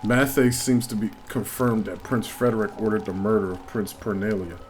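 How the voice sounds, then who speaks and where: A man's voice: on the low side, steady tone, moderate pace, slight background noise, lightly acted. A man reading aloud the lines of a young male adventurer in a game, in his own plain voice.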